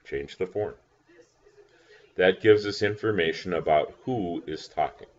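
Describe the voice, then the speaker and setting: A man's voice: low-pitched, measured pace, lo-fi sound. A man teaching a recorded lesson, patient, spelling words out letter by letter. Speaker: language teacher.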